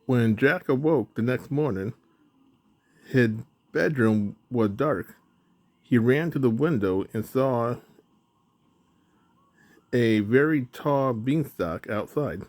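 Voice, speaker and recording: A man narrating a children's storybook in a slow, even reading. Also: medium pitch.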